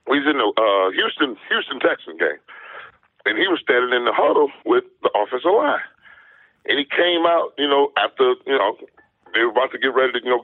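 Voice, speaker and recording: A former football player tells his stories over a thin, tinny phone line. His husky voice sits fairly high and jumps all over as he talks. He is emphatic and animated, with no room sound around him. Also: dry recording. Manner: lively, emphatic, swings into loud high quoted voices. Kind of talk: animated storytelling in an interview.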